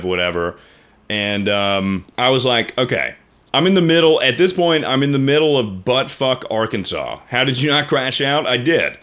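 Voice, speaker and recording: Profane young man ranting animatedly. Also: normal speed. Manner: profane, animated, swings between loud outbursts and low mutters. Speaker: streamer. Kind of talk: casual storytelling rant.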